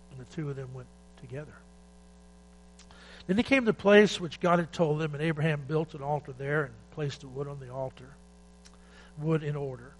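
A man preaching a sermon, moving between loud urgent exhortation and quiet, emotional retelling of a scripture story. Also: on the high side, normal speed, long pauses, low-quality recording. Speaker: pastor. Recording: faint mains hum.

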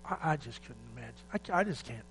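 A man preaching a sermon, moving between loud urgent exhortation and quiet, emotional retelling of a scripture story. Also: medium pitch, lively intonation, a little fast, rough recording. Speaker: pastor. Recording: faint mains hum.

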